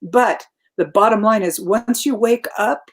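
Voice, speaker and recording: A woman guest in a casual conversation, reflective, turning animated in her quoted asides. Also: medium pitch, a little slow, husky.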